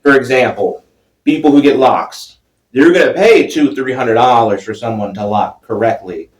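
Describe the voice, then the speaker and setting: A man's voice: mid-range voice, moderate pace, recorded from a distance. A man co-hosting a podcast, explaining business and budgeting step by step in a casual teaching manner. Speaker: podcast co-host, financial advisor. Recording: echoey room, off-mic.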